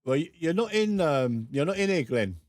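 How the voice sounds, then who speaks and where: A man's voice: fairly high pitch, sing-song, moderate pace, a little mellow, no echo, clean studio sound. A man streaming a racing game, chatting casually with viewers in a teasing way, laughing often and repeating words as he goes. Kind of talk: casual live-stream chat.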